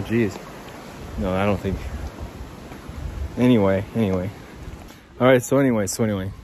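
A mid-range male voice, with slight background noise, carries a podcast host's walk-and-talk monologue beside a creek. He rambles, curses, and refers to his listeners as "guys."

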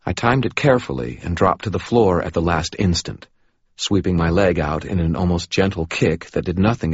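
A man's voice: low voice, slightly rough, no echo. A man reading a first-person audiobook in a dry, matter-of-fact way. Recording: dull lo-fi recording.

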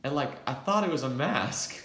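A man's voice: mid-range voice, animated, normal speed, fairly bright tone. A young man co-hosting a podcast, telling a story animatedly with lots of fillers and laughter. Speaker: podcast co-host. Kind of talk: casual storytelling chat. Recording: roomy echo.

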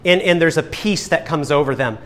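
A young pastor preaching a sermon, animated, with playful asides and acted-out voices for the people in his stories. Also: on the high side, a little fast.

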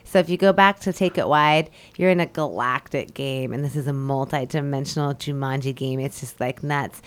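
A woman's voice: a bass voice, normal speed. A woman co-hosting a radio talk show, speaking emphatically and enthusiastically about spiritual growth. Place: radio studio.

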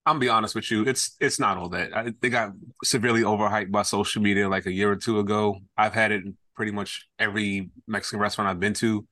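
A man's voice: fairly low pitch, little pitch movement, fast, hardly any pauses, pushed and bright, no echo, studio quality. A man who is a chef, talking frankly and easily in casual podcast chat. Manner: frank, easygoing. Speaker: chef guest.

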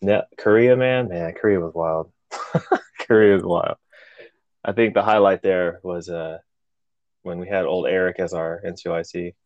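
Speaking at a measured pace with long pauses, a low-voiced man co-hosts a podcast and tells a story casually but animatedly, with lots of swearing and acted-out quotes. The recording is dry and lo-fi.

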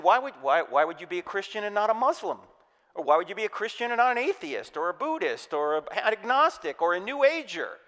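A man from New Jersey preaching a humorous apologetics sermon, energetic and quizzing his audience. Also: very high voice. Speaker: Christian speaker. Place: church hall. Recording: reverberant hall.

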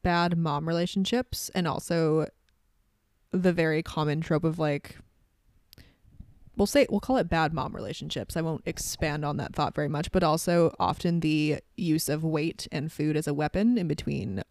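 A chatty woman hosts a podcast and chats casually about a TV episode. Her voice sits a little low. The recording is dry and close, with no room echo. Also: steady tone, normal speed, a little mellow. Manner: chatty, laughs often, quotes characters. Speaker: podcast host. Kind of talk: casual chat recapping a TV episode.

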